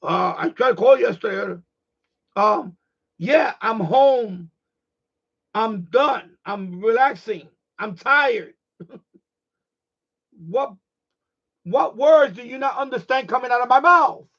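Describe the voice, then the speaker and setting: A middle-aged man hosting a live stream, ranting in a blunt, profane, animated way in casual chat. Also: extremely high pitch, takes it slowly, pauses often, dull audio.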